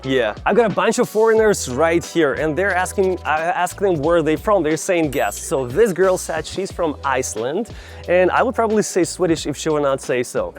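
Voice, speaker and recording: A man's voice: a little high, normal speed, faint music behind. Chatty man vlogging outdoors. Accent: Eastern European. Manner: lively, playful, chatty. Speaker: travel vlogger. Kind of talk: casual vlog chat with strangers. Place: outdoors at a busy tourist spot. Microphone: handheld camera.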